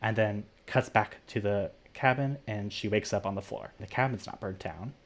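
A man's voice: lowish voice, normal speed. A man co-hosting a podcast, casually retelling a film's plot in a rambling way full of "like". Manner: rambling, heavy use of "like". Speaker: podcast co-host. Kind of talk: casual movie recap.

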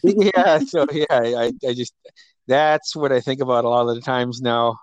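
A man's voice: mid-range voice, normal speed, no echo. A middle-aged father chatting on a phone call, rambling through a story, acting out quotes and laughing often. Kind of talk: casual phone chat.

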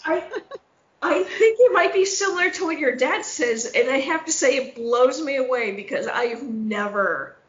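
A woman chatting casually, telling stories with lively acted-out voices and frequent swearing. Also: sits high, moderate pace. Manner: animated storyteller, acts out voices, curses freely. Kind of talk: casual chat. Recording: roomy echo, dull lo-fi sound.

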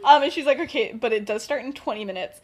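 A woman's voice: a little high, fast. A young woman casually retelling a story on a podcast, full of fillers and acted-out lines. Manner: rambling, filler-heavy, acts out characters with laughs. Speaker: podcast co-host.

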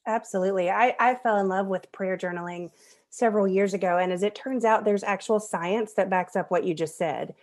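A woman's voice: medium pitch, fairly quick, darkish tone. A woman in her thirties, a podcast guest, telling a personal story in an earnest, conversational way and laughing at herself now and then.

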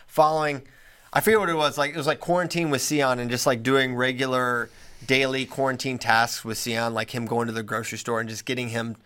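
A man's voice: medium pitch, little pitch movement, a little fast, sharp tone, clear, resonant tone. A man hosting a podcast in casual chat, dry and sarcastic, often sounding exasperated. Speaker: podcast host.

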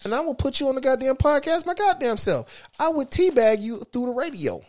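A man with a Southern US accent co-hosting a casual podcast, profane and animated, acting out imagined quotes. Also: very high voice, brisk. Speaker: podcast co-host. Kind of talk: casual chat.

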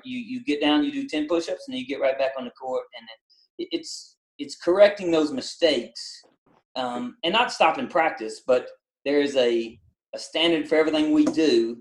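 A middle-aged man, a basketball coach and ex-Army drill instructor, speaking with a country-tinged voice and explaining things in a plain, steady way as a podcast guest. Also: a little high, normal speed. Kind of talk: casual podcast interview. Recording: roomy echoey sound.

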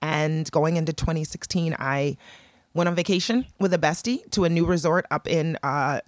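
A woman's voice: moderate pace, no room sound, clean studio sound. A woman telling a story in casual chat, acting out the people she quotes with a lifted voice. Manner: animated storyteller, acts out quotes in a higher voice. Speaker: entrepreneur guest.

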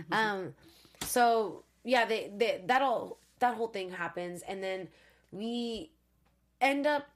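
A woman hosting a casual panel chat, recapping a TV episode with lively asides and frequent laughter. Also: medium pitch, slow. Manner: chatty, laughs often, animated recaps. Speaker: host.

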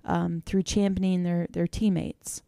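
Woman, podcast co-host, vocal fry, warm dark tone, dry close mic. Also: fairly low pitch, flat delivery, measured pace, dry recording. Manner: chatty, reflective, many fillers. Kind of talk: casual chat.

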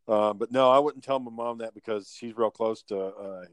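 Man, podcast host, low-pitched, dry close sound, rambling and profane storyteller. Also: normal speed, clear, resonant tone, no room sound. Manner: rambling, profane, laughs while telling stories. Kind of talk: casual storytelling chat.

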